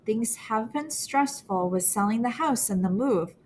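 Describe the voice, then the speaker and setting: A woman reading the lines of a worried mother who speaks gently and carefully to reassure her daughters. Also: fairly high pitch, animated, a little slow, slight background noise. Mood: gentle.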